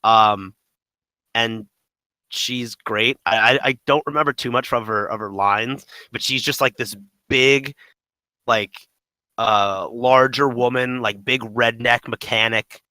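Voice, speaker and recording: A man's voice: mid-range voice, fairly even intonation, slow, sharp tone, dry recording, rough recording. A man co-hosting a casual gaming podcast, rambling with lots of "like" and "um". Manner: rambling, full of "like" and "um". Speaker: podcast co-host.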